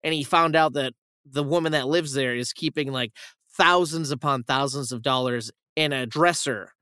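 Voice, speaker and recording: Young man, podcast host, bright voice, casual profane rambling, dry close mic. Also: mid-range voice, moderate pace, clean tone, dry recording. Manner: rambling, profane, animated retelling with acted quotes. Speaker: podcast host reviewing films. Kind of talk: casual chat.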